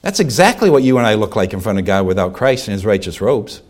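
A male pastor preaching a sermon, swinging between loud exhortation and hushed appeals, asking rhetorical questions and slowing down on key words. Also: on the low side, big pitch swings.

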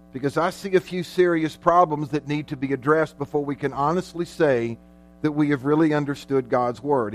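A man preaching a sermon as pastor, emphatic, slowing down and swelling in volume on key words. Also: a little high. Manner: emphatic preaching with dramatic slowdowns and loud peaks.

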